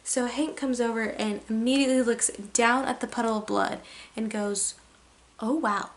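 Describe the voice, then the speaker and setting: Recounting a story for her vlog, a young woman with a slightly high voice speaks casually at normal speed with fairly even intonation. She leans into the drama and fills each sentence with "like."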